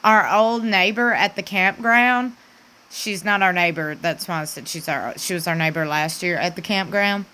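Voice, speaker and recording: A woman's voice: on the low side, moderate pace, pushed and bright, poor audio. A woman, chatting to her viewers in gushing, repetitive commentary with folksy asides. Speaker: celebrity gossip vlogger.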